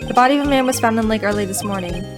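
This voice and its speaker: A woman voicing a formal male television news anchor in a measured announcer delivery, with game music behind. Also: fairly high pitch, lightly acted.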